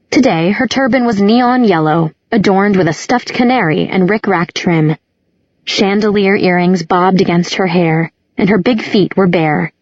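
A woman narrating an audiobook in a measured, descriptive manner. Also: on the low side, darkish tone, no echo, muffled recording. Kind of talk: scripted narration.

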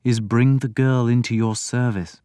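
A man's voice: medium pitch, fairly even intonation, clean tone, dry recording, studio quality, natural voice. A man doing a soothing old priest. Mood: coaxing. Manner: gentle, coaxing, deliberate. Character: soothing older male priest, earnest and coaxing.

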